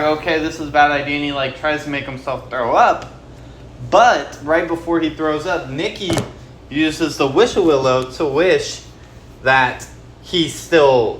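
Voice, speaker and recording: Young guy rambling thru a movie recap, kinda high voice, echoey room, loud noise behind. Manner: rambling, slangy, filler-heavy storytelling. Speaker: YouTuber.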